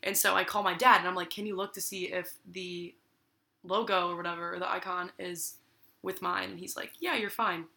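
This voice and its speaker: A young woman tells a story in easy, casual talk. She acts out each person's lines and fills her talk with "like." Her voice is very bright and clear. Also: fairly low pitch, brisk. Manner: lively storyteller, acts out quotes with many "like"s.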